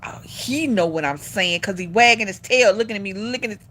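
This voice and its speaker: A woman's voice: mid-range voice, fairly quick, a bit bright. A woman hosting a casual livestream, chatting with her viewers and calling them y'all. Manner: sing-song coaxing to her dog. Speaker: livestream host.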